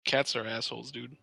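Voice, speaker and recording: A man's voice: mid-range voice, vocal fry, pushed and bright, no room sound, poor audio. A man co-hosting a casual podcast, joking, teasing and laughing often over a home mic on a voice call. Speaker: podcast co-host.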